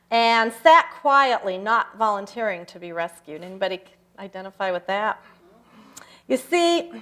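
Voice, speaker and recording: An older woman giving a personal talk at a church service, telling stories reflectively with slow, emphatic pauses. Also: mid-range voice, fairly bright tone. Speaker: guest speaker. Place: church sanctuary.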